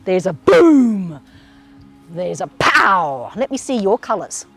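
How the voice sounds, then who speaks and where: A woman's voice: lowish voice, animated, a little fast, a little mellow, slightly rough, faint music behind. An Australian woman leading a children's yoga class in an encouraging, sing-song way, with playful animal sounds. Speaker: kids yoga teacher.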